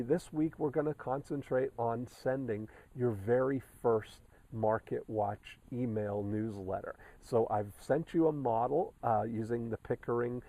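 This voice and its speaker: Mellow-voiced man coaching step by step. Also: mid-range voice, poor audio. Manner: instructive, methodical, repeats steps with frequent fillers. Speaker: sales coach. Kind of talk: recorded coaching update.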